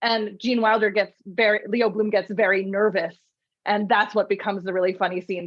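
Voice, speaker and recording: A woman podcast host in casual chat, telling film trivia in a lively storytelling way with frequent laughs. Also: mid-range voice, normal speed, no room sound, highs cut off.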